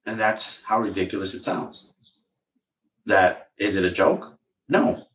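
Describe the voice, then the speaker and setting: Guy ranting on a stream, kinda low voice, swears a lot, rambles, sits back from the mic in an echoey room. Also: a little slow, a bit bright. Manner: rambling, repeats himself, swears freely. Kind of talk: casual livestream rant. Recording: roomy echo, far from mic.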